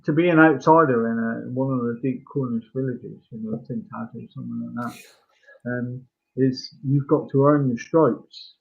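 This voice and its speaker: A man co-hosting a podcast, chatting casually about an old film, full of halting restarts and fillers. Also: mid-range voice, fairly even intonation, creaky. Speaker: podcast co-host. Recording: tinny phone-like line.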